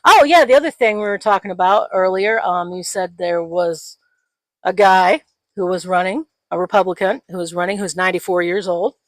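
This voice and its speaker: A woman's voice: on the low side, moderate pace, dry recording. A Gen X woman co-hosting a casual podcast, ranting with profanity and mocking people in put-on voices. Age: 40s or 50s. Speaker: podcast co-host. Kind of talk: casual political chat.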